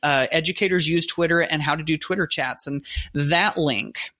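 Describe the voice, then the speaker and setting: A man's voice: fairly high pitch, normal speed, bright, forceful tone. A man co-hosting a podcast, chatty and eager as he shares resources. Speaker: podcast co-host. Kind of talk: casual podcast talk.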